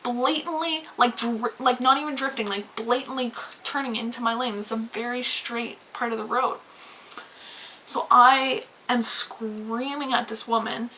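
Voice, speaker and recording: Woman vlogger, bright higher voice, animated profane storytime rant, faint hiss. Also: measured pace, rough recording. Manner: animated, swearing, rambling with many "like"s. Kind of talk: casual storytime rant to camera.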